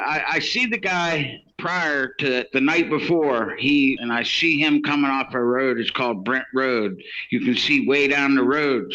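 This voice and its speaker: A man's voice: on the high side, sharp tone, muffled recording. A man telling his own story in casual, rambling speech, acting out what others said. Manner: rambling, many restarts and quoted dialogue. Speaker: interviewee telling his case.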